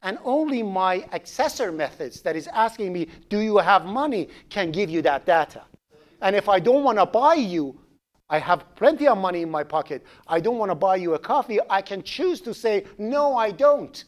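A man with a Persian accent giving a programming lecture, animated and joking, asking the class questions as he goes. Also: high-pitched, moderate pace. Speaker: programming instructor.

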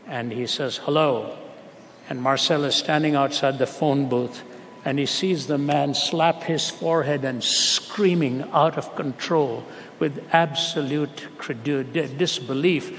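A man's voice: a little high, vocal fry, a little hiss or hum. A man delivering a sermon to an audience, telling a story and then building to emphatic questions. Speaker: preacher. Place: large auditorium with audience. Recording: hall reverb, faint ambience.

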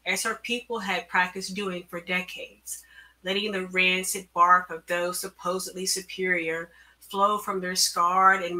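A woman author reading her own story aloud, measured and careful, at an online event through a computer mic. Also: fairly low pitch, pushed and bright. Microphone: computer mic on a video call.

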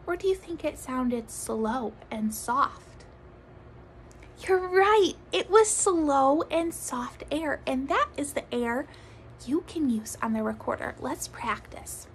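Slow high-voiced woman teaching kids. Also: lively intonation, slight background noise, rough recording. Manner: slow, sing-song, speaking gently to young children; drops to soft whispers to demonstrate. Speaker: music teacher. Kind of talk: children's recorder lesson.

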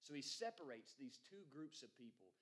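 A man's voice: very animated, brisk, a bit bright. Man preaching an earnest conversational sermon. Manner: acts out quoted voices with raised pitch.

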